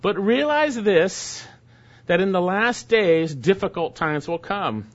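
A man preaching an expository sermon, reading scripture aloud slowly and then explaining it in plain, casual asides. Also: sits high, lively intonation. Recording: dull lo-fi sound.

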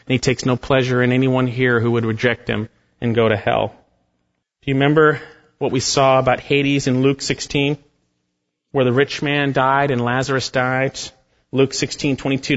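Male pastor, mid-pitched, earnest preaching delivery with swells for emphasis, dull lo-fi recording. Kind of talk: sermon.

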